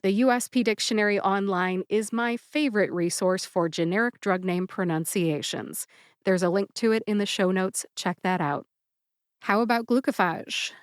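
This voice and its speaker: A woman hosting a pharmacist's podcast, speaking deliberately and spelling out syllables in a scripted educational style. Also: medium pitch, clear, resonant tone, no room sound, clean studio sound. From United States.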